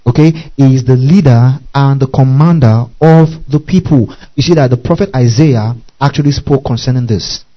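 A man's voice: mid-range voice, moderate pace, few pauses, dull audio. A man preaching a sermon, spelling out words letter by letter and calling on his listeners to repeat after him. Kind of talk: sermon teaching.

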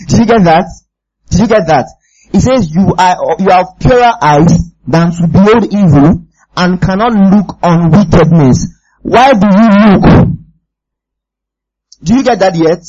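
Male preacher, warm husky voice, emphatic and probing, dull lo-fi recording. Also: sits high, slow pace. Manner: emphatic, keeps asking the audience if they follow. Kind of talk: sermon.

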